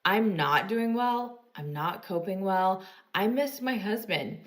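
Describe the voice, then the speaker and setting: A woman speaking sadly and haltingly to camera about missing her marriage. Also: medium pitch, lively intonation. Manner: sad, halting. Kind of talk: emotional vlog to camera.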